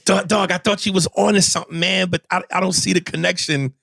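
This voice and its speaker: Male comic host, gravelly, brash and profane, dry close mic. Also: high voice, steady tone, fast, pushed and bright, no room sound. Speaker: comedian podcast host. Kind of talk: casual comedy podcast chat.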